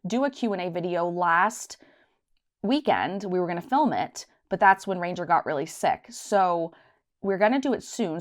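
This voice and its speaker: A woman vlogger telling a casual story time to her viewers, chatty and rambling, acting out the voices in her anecdote. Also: on the low side. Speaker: budgeting channel host.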